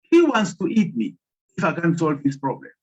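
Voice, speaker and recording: A man's voice: fairly high pitch, wildly swooping pitch, normal speed. A man voicing a frightened young woman in a spoken folk tale, speaking anxiously and pleadingly. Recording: muffled lo-fi audio.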